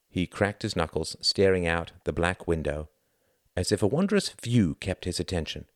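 A man giving expressive scripted narration of a novel. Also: low voice, no room sound, studio quality. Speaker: audiobook narrator.

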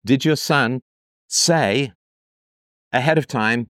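A man's voice: mid-range voice, slow pace, a bit bright, dry recording, clean studio sound. A man hosting a commentary, reading out a parent's letter and arguing against it with rhetorical questions. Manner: argumentative, rhetorical questions, mocking quoted voices. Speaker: host reacting to a listener's letter.

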